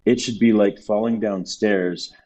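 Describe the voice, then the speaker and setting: Man guesting on a podcast, kinda husky and dark-toned, hammers the same point a few ways. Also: lowish voice, steady tone, measured pace. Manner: emphatic, repeats points for stress. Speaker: podcast guest, business consultant. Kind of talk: casual conversational interview.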